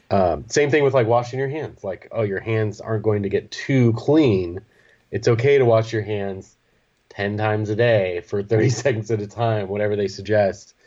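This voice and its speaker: A man's voice: on the low side, a little mellow, lo-fi sound. A man hosting a podcast, chatting casually and rambling, with many fillers and easy laughs. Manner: laid-back, rambling, frequent fillers and laughs. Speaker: podcast host.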